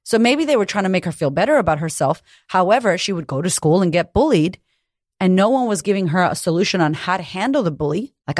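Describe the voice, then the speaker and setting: A woman's voice: on the low side, animated, fast, no echo, studio quality. A middle-aged woman coach talking candidly and emphatically about healing, swearing freely. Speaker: coach running women's retreats. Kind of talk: candid motivational talk.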